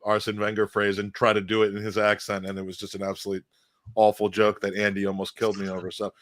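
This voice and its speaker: A man's voice: on the low side, completely flat delivery, fast, fairly bright tone, no room sound, studio quality. A man hosting a football podcast, musing in a rambling, thoughtful way with frequent restarts. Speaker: podcast host. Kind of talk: casual football chat.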